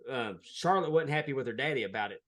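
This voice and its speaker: A man's voice: mid-range voice, lively intonation, quick pace, a bit bright. A man, a wrestling referee, telling a heartfelt story in a casual interview. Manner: earnest, heartfelt, plain-spoken.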